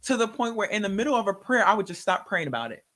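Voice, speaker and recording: A woman telling an emotional personal testimony in a conversation, animated and acting out the words in quotes. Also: medium pitch, fast. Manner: animated, acts out her own and others' words in quotes. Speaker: guest sharing a testimony.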